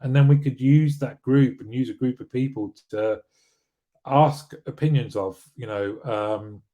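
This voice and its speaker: A man hosts a live weekly show in a relaxed, chatty way. His voice sits at an ordinary middle pitch with a mellow, dark tone. He rambles a little and restarts often. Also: measured pace, lo-fi sound. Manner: rambling, frequent restarts and fillers. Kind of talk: casual live-stream talk, reading viewer comments.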